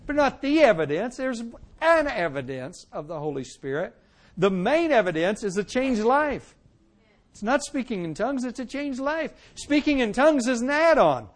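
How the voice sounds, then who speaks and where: A man with a very high-pitched voice preaches a sermon testimony, telling his own story with animated swings from loud to hushed. He acts out the lines he quotes.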